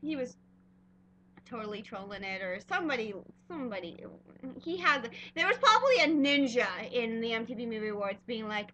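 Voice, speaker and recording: A woman's voice: fairly high pitch, sing-song, a little fast, bright, forceful tone, a little hiss or hum. A young woman vlogging casually, gushing and rambling with lots of fillers. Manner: gushing, rambling fan talk with many fillers. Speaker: fan vlogger. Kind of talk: casual vlog chat.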